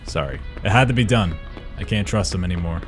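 A young man giving excitable let's-play commentary, swearing and yelling at the game as he plays. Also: low voice, brisk. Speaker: gaming YouTuber. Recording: game music playing behind.

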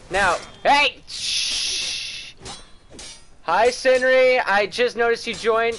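Male gaming streamer, slow-talking, animated pitch, swears and shouts at the screen, stammers when rattled. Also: a little hiss or hum. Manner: loud, profane trash talk at the game, yelling in bursts. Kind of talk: live gameplay commentary.

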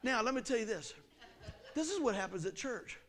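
A man's voice: high-pitched, brisk. A middle-aged man preaching in a church, telling a story in folksy country talk and acting it out with sound effects. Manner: animated, acts out the story with sound effects and voices. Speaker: pastor. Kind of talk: storytelling sermon. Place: church sanctuary.

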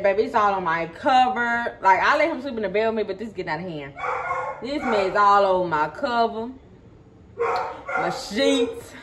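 A woman vlogging at home in her kitchen, chatting casually to her viewers and repeating points for emphasis. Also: medium pitch. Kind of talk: casual chat to camera. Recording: noisy home recording.

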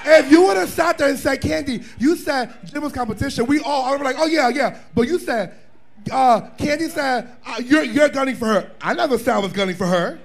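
High-voiced sassy man telling a story loudly. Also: expressive, a little fast, creaky. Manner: sassy, loud, profane storytelling with laughs. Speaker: drag performer guest. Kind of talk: animated live panel chat. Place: bar viewing party.

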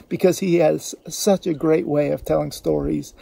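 Gravelly warm-voiced male pastor preaching. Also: fairly high pitch, little pitch movement. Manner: earnest preaching, slowing to stress scripture quotes. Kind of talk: sermon. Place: church.

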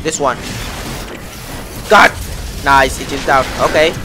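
A man giving excitable live gameplay commentary, talking to himself and his viewers with frequent exclamations. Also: medium pitch, slow, over music. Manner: excitable, lots of exclamations and self-talk. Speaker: gameplay streamer.

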